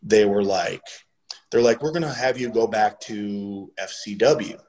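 A middle-aged man casually telling a story, swearing freely and getting animated when he quotes other people. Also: on the low side, unhurried, low-quality recording.

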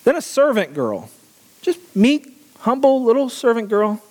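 A man's voice: very high voice, very animated, unhurried, a little mellow, long reverb tail. A man preaching a sermon, asking the congregation questions and often laughing. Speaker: pastor.

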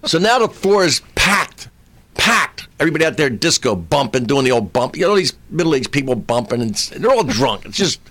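A male comedian tells a story in easygoing chat. His voice sits at a middle pitch. He acts out the people in the story and raises his voice to a shout on some of their lines. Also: big pitch swings, moderate pace, no room sound. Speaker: stand-up comedian.

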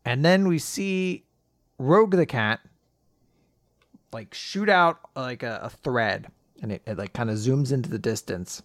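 Male podcast co-host, animated recap delivery, lively pitch swings, dry close mic. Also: no room sound. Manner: animated retelling, puts on quick character voices. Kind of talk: casual chat recapping manga chapters.

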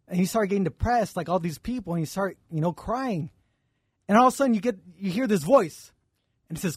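A podcast co-host spins a spiritual parable in loose, casual talk, voicing each character as he goes. His voice sits high and a little husky. The mic is close and dry, with faint music in the background. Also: lively intonation, fairly quick, darkish tone, no echo. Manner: storytelling, acts out dialogue, repeats "right?". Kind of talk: casual chat, telling a parable.

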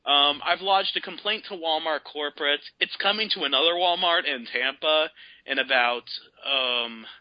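A man calling in to a radio show, telling a long, exasperated story in a casual, animated way. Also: fairly high pitch, moderate pace, dry recording. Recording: dull lo-fi radio broadcast.

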